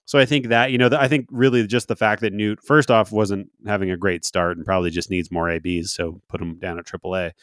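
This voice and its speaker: A man's voice: sits low, steady tone, a little fast, hardly any pauses, fairly bright tone, no room sound, studio quality. A man co-hosting a sports podcast, talking in a rambling way with many fillers and restarts. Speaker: podcast co-host. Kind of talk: casual sports chat.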